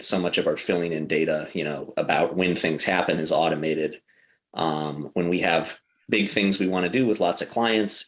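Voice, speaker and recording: A man who runs a law firm, speaking on a webinar panel in a loose, halting way with many fillers and restarts. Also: sits low. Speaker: lawyer and law firm owner.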